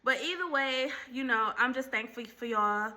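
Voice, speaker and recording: A woman's voice: on the high side, moderate pace, sharp tone. A woman hosting her own channel, chatting casually to viewers about faith and relationships, calling them y'all, with preachy asides. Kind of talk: casual faith talk to camera.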